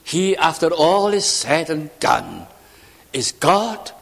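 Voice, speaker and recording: A man's voice: on the high side, big pitch swings, slow pace, gravelly, a bit bright, slightly rough. A man preaching a sermon, asking rhetorical questions and building to fervent emphasis. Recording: reverberant hall sound.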